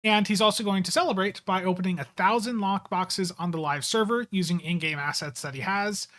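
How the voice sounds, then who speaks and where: A man's voice: high-pitched, a little fast, a bit bright. A man hosting a live game stream, chatting in an easygoing, rambling way with plenty of fillers. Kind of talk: casual live-stream chat.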